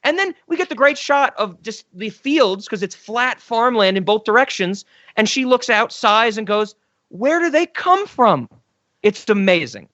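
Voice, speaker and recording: Excited high-voiced male podcast host. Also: normal speed, no room sound, muffled recording. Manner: enthusiastic, rambling with restarts. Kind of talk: casual film discussion.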